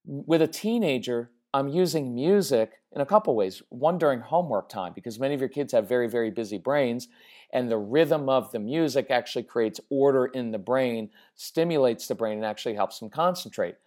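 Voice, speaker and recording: A woman's voice: very deep voice, animated, fairly quick, a little mellow. Middle-aged woman, parenting coach; conversational, emphatic delivery that keeps checking in with the audience. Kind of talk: direct-to-camera parenting talk.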